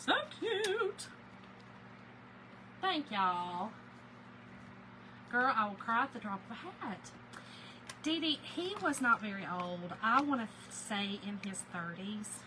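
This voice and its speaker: A chatty Southern woman talks her way through a craft live stream, her voice sitting a touch high. She breaks into a bright sing-song when she greets viewers by name. Steady background noise hums under her voice. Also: takes it slowly, long pauses, rough recording. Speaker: livestream crafter. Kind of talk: casual live-stream chat.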